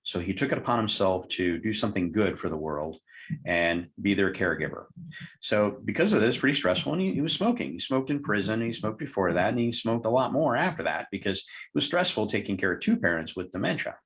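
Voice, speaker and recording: A man's voice: on the low side, very animated, fairly quick, fairly bright tone. A man, a hypnotherapist guest, telling a client story in an interview and acting out both sides of the dialogue. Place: lived in Tucson, Arizona.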